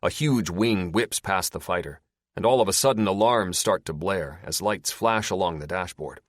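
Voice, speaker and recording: A man's voice: low voice, moderate pace, no room sound, studio quality. A man narrating an action-heavy audiobook in a dramatic, scripted style.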